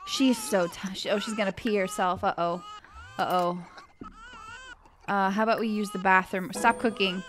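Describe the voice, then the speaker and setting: A woman's voice: medium pitch, steady tone, moderate pace, a bit bright, a little hiss or hum. A young woman hosting a casual let's-play, chatting animatedly with her viewers while she plays. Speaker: gaming channel host.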